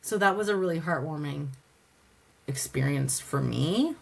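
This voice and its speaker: A woman's voice: sits low, measured pace, vocal fry, a little hiss or hum. A woman from Canada, a podcast guest and advocate, telling her story casually, acting out conversations with many "like" fillers. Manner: lively storyteller who acts out dialogue, many "like" fillers.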